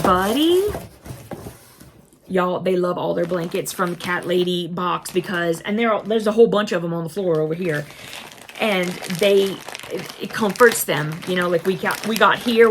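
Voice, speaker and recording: A woman's voice: medium pitch, a little hiss or hum. A woman unboxing a cat subscription box, gushing, giggling and baby-talking to her cats.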